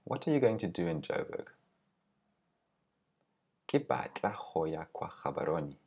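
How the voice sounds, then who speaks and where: Low husky man teaching a language. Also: big pitch swings, darkish tone. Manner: patient, explains word by word, slows on key words. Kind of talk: recorded language lesson.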